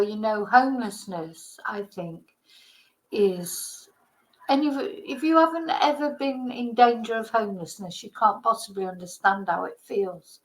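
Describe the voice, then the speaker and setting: A woman's voice: fairly high pitch, a bit bright, low-quality recording. A woman from Britain, a vlogger, delivering an indignant, heated political rant with some swearing.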